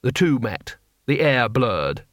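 A man narrating an audiobook in a dry, lively storytelling manner. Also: mid-range voice, takes it slowly, no room sound.

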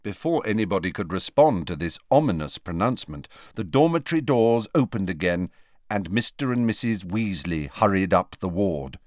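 A man reading a novel aloud as narrator, with expressive, varied delivery. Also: low voice, moderate pace, no echo, clean studio sound. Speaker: audiobook narrator. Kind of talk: scripted narration.

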